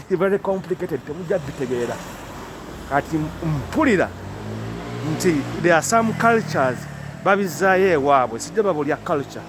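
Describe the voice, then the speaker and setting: A Ugandan-accented man chats to his camera while out in the cold, his fairly high voice loose and conversational. He drifts between English and Luganda with little laughing asides. Faint street noise sits behind him on the outdoor recording. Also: animated, unhurried. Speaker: vlogger. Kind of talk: casual vlog monologue.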